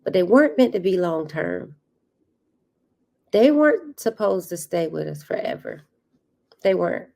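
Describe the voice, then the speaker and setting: Female podcast host with a low, gravelly voice; earnest and reflective, repeats lines to land the point. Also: huge pitch swings, a little slow, pauses often, warm tone. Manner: earnest, repeats key phrases for emphasis. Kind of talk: reflective motivational monologue.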